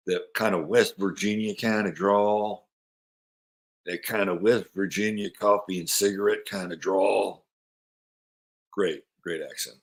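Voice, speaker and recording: Rambling, chatty man hosting an astrology show. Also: lowish voice. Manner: rambling, chatty, repeats himself; coos softly to his dog. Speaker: astrology podcast host. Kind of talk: casual astrology talk.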